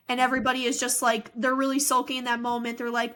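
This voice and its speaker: A woman's voice: on the high side, flat delivery, fast, few pauses, fairly bright tone. A woman co-hosting a podcast, chatting casually about a movie and leaning on "like" a lot. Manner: chatty, heavy use of "like". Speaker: podcast co-host. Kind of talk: casual chat, retelling a film.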